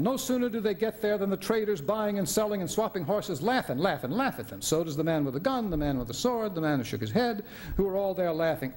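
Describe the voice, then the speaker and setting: A man's voice: high-pitched, darkish tone, a little hiss or hum. An older man giving a dramatic reading of a play, voicing a sardonic middle-aged male writer who tells a bitter story. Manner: wry storyteller, biting.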